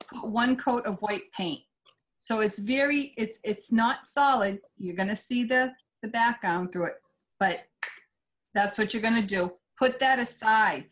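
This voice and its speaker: A woman's voice: a little high, fairly bright tone, slight background noise, poor audio. Chatty woman teaching a craft. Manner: chatty and digressive. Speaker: art instructor. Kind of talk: live painting demonstration.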